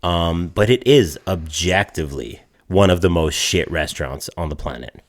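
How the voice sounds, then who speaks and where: Deep-voiced man ranting casually. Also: moderate pace. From Canada. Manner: profane, ranting storyteller. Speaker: podcast co-host. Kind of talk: casual podcast chat.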